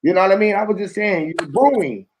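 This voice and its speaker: High-voiced animated storytelling man. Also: fast talker, background noise. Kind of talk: casual chat, storytelling.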